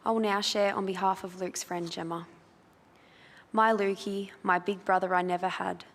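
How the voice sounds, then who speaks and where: An Australian woman leads a funeral service and reads a eulogy aloud, soft and measured. Her voice rings out in a chapel with a long reverb. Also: medium pitch, little pitch movement. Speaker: funeral celebrant. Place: crematorium chapel.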